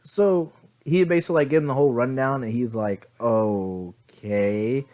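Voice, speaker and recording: A man's voice: medium pitch, lively intonation, fast talker, highs cut off. A sleepy man casually telling an improvised fan story, rambling with lots of fillers, self-corrections and swearing, recorded on a phone. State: sleepy, yawning.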